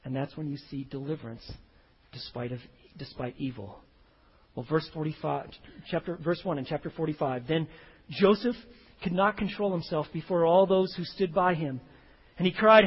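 Husky high-voiced preacher in a reverberant hall. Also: male voice. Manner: emphatic, swinging from hushed to loud. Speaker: pastor. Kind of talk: expository sermon. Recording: reverberant hall, dull lo-fi sound.

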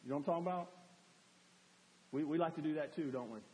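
A man preaching a sermon as a pastor, animated, acting out cries for help to make his point. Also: fairly high pitch, fast talker. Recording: long hall reverb.

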